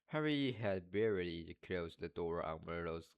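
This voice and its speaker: Man learner reading a novel aloud: low voice, halting, trips over and repeats words. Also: lively intonation, dull audio, a little hiss or hum.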